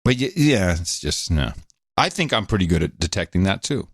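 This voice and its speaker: A man co-hosting a podcast in casual chat, quick-witted and joking. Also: sits low, very animated, husky, no echo, clean studio sound. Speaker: podcast co-host.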